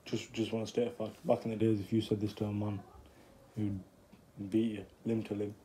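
A man's voice: fairly low pitch, monotone, fairly quick, dark tone. A man hesitantly interjecting as an onlooking friend in an argument.

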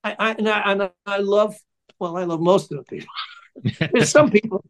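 A man's voice: high voice, normal speed. An older man, a musician guest in an interview, telling rambling, chatty stories in a casual way.

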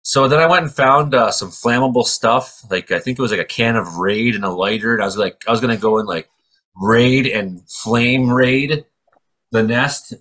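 A middle-aged man from Canada, co-hosting a casual chat and telling stories in an animated way with acted-out voices. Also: mid-range voice, normal speed. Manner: animated storyteller, acts out voices. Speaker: co-host.

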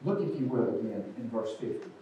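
An older man preaching an earnest sermon, moving between loud pleas and quiet asides. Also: mid-range voice, lively intonation, brisk, lo-fi sound, a little hiss or hum. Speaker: pastor. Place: church sanctuary. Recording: echoey church sanctuary, distant mic.

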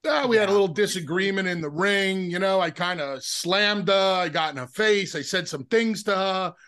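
A man's voice: high voice, moderate pace, a bit bright, clean tone. A man appearing as a guest in a casual chat over drinks on a video call, brash and teasing.

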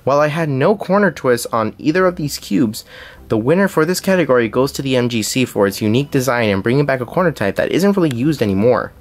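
A man's voice: medium pitch, lively intonation, fast. A young man narrating a scripted puzzle cube review, reading along with small slips and restarts.

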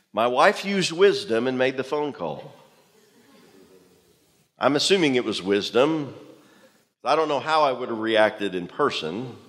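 Preacher guy, 40s, animated self-deprecating storytelling, long church hall reverb. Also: on the high side. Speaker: pastor. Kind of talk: sermon storytelling. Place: church auditorium.

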